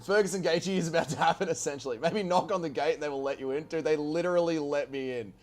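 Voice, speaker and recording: Excitable high-voiced male game streamer. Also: fast talker. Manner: excitable, swearing, shouting orders and cheers. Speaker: gaming streamer. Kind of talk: live strategy-game commentary.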